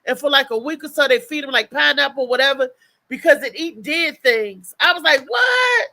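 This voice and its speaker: A woman with a high, bright voice chats on a casual livestream. She tells stories with animation and restarts often. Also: brisk. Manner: animated storytelling with frequent restarts and laughter. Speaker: co-host.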